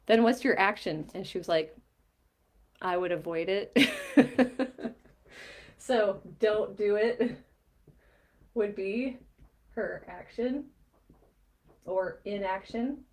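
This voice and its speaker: A middle-aged woman, a mindset coach, explaining a diagram and retelling a coaching conversation in a lively storytelling way. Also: medium pitch, takes it slowly, pauses often. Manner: animated storytelling, quoting both sides of a conversation with light laughs. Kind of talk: explaining a coaching diagram while recounting a session.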